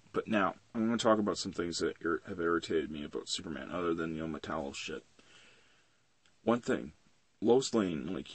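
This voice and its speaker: Low husky young guy rambling. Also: no echo. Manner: rambling and profane, with many fillers. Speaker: comic book reviewer. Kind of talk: casual rambling review.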